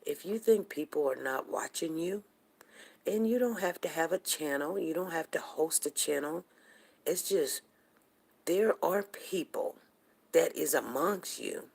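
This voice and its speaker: A woman's voice: deep voice, expressive, a little slow, creaky, a little mellow, breathy edge. A woman hosting a casual livestream, rambling chattily and talking straight to her viewers. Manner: greets viewers from the chat by name. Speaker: livestream host.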